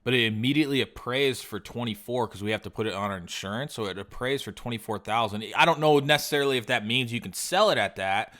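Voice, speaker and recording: A man's voice: mid-range voice, fast, hardly any pauses, a bit bright. A man telling a rambling, profane story in a casual podcast chat. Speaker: podcast co-host.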